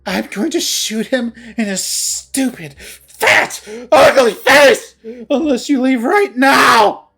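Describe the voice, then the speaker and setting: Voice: sits high, very animated, takes it slowly, voice pushed up, full character voice. A narrator voicing a young female cat, frantic and unstable, screaming with a cracking voice. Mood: screaming threats. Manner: shrieking, voice cracking.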